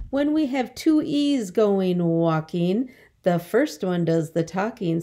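A woman teaching young children phonics, her voice mellow and somewhat low. She speaks at an unhurried pace and stretches each word out clearly in a sing-song teacher's manner. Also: lively intonation. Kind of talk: early-grade phonics lesson.

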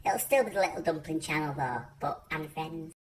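A performer voicing a tiny, chirpy cartoon dumpling through a high-pitched phone filter, rambling chattily in a comic vlog. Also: normal speed, far from the mic, a little hiss or hum. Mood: chatty.

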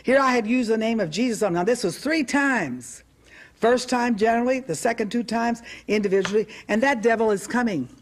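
A woman preacher giving a testimony, telling her story emphatically with humorous asides and bursting into loud commands when she quotes herself. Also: on the high side, a little fast.

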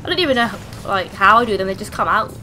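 A woman's voice: medium pitch, animated, fast talker, pushed and bright. A young woman with a cough, giving hyper, swear-filled commentary on a game she plays. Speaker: gaming channel host. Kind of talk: let's play commentary.

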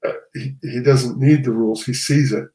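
A man's voice: medium pitch, fairly even intonation, normal speed, warm tone, roomy sound, rough recording. A man, a comic artist guest, talking casually and rambling, often restarting and correcting himself. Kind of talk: casual conversation.

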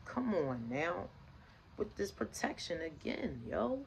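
A woman's voice: on the low side, big pitch swings, slow, gravelly. A woman delivers a casual tarot reading, speaking emphatically and preaching through rhetorical questions. She swears freely and circles back on her own phrases. A faint background noise sits under her voice. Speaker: tarot reader.

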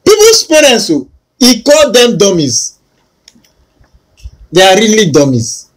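A man's voice: high voice, wildly swooping pitch, a little slow. A man with a Nigerian accent co-hosting a casual commentary chat, mocking and incredulous. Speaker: co-host.

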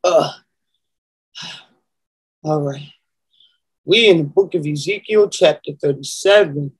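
A woman preacher giving an emotional spiritual testimony, moaning and sighing between phrases and pausing to collect herself. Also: deep voice, darkish tone, slightly rough, poor audio.

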